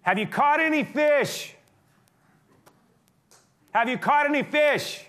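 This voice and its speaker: A preacher doing a man shouting from far off. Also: very high-pitched, takes it slowly, voice pushed up, full character voice. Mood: calling out. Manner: raised, shouted call. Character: man calling loudly across water from shore.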